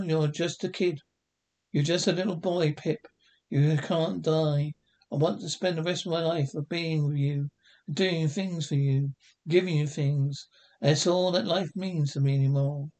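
A man's voice: a little high, fairly even intonation, a little slow, a little mellow. An actor playing a middle-aged bookie and drunk, a desperate father who pleads and stammers with emotion in a 1960s TV drama.

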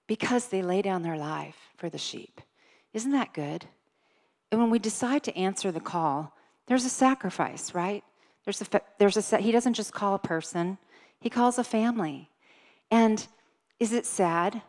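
Woman preaching in an echoing hall. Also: medium pitch. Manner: earnest, reads scripture slowly with emphasis. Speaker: church speaker. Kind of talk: sermon. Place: church sanctuary.

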